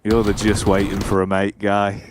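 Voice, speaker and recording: A man's voice: on the low side, moderate pace. A man casting an esports match, telling stories with lots of laughter and casual swearing. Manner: animated storyteller, laughs a lot, swears casually. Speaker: esports caster. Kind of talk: casual co-commentary banter. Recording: noisy background.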